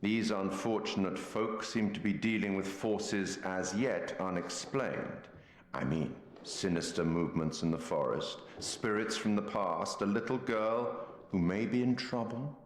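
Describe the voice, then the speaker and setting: An actor playing a mysterious, urbane male storyteller with a theatrical, measured delivery. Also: fairly low pitch, natural voice. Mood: sly. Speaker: game narrator. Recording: roomy hall reverb.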